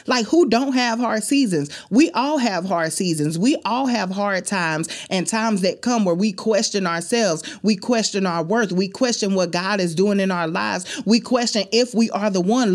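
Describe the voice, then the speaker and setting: A woman hosts a faith-based podcast. She talks in a heartfelt, emotional way and often slides into preaching. Her voice sits at an ordinary pitch. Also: normal speed, few pauses. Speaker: podcast host.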